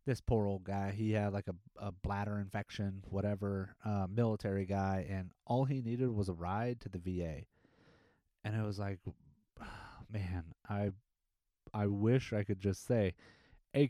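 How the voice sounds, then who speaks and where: Low-voiced rambling firefighter man. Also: no echo. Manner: rambling, animated storytelling with acted-out quotes. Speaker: podcast host, firefighter. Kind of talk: casual monologue.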